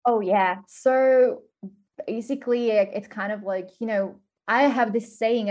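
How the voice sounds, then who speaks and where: A young woman from Slovakia with a Slovak accent and British touches. She chats casually as a podcast guest, laughing often and using many fillers. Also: mid-range voice. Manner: warm, giggly, with many fillers. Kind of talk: casual interview chat.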